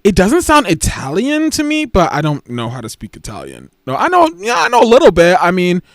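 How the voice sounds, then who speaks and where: A man hosting a casual livestream, talking in a sassy, gushing way and hopping between topics. His voice sits a little high and swings widely up and down. The sound is dry and close, with no room around it. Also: huge pitch swings, a little fast, dry recording. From United States. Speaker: livestream host.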